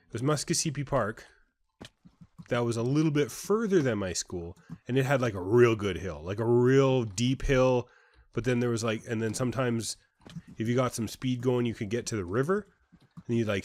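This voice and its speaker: A young man co-hosting a casual game playthrough, chatty and rambling as he tells stories. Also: mid-range voice. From Canada. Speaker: gaming co-host. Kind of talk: casual gameplay chat.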